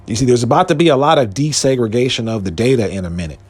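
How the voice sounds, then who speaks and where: A man's voice: mid-range voice, fast, husky. A man, hosting a show and delivering a heated, emphatic commentary monologue in casual slang. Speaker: podcast host.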